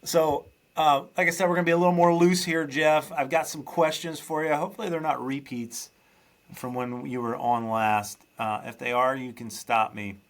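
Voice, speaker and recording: A man's voice: fairly high pitch, steady tone, normal speed. A man hosting a podcast, chatting loosely and teasing his guest. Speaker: podcast host. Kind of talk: casual interview chat.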